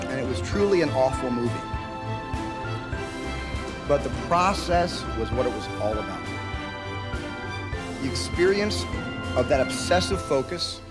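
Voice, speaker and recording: A man, a filmmaker, giving an earnest, reflective prepared speech. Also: mid-range voice. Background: music.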